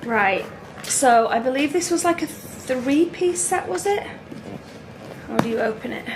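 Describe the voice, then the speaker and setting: A woman's voice: expressive, unhurried, noisy background. A woman in her thirties chatting casually at home as a family vlogger, gushing and chatty. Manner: chatty, gushing, talks to her toddler in a high voice. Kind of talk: casual chat. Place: home bedroom.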